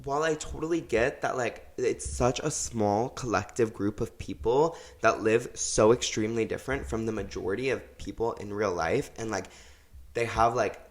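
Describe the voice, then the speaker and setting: A man's voice: fairly low pitch, normal speed. A young man co-hosting a podcast in casual chat, talking in a chatty, filler-heavy way and acting out quotes as he tells stories. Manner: chatty, many fillers, animated storytelling with put-on quotes. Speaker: podcast co-host.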